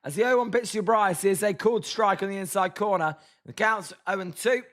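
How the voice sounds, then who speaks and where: A British livestream host with a high, fairly bright voice gives casual watch-along commentary at a fairly quick clip. He's chatty, reads out chat names, and groans at the team, his voice hoarse and tiring.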